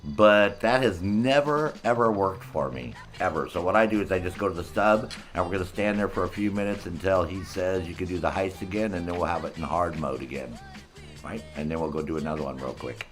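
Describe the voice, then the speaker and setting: A man's voice: low-pitched, steady tone, quick pace, faint music behind. A man giving casual, rambling gameplay commentary full of swearing, explaining how he plays a heist solo. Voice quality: profane, laid-back and rambling. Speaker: gameplay streamer.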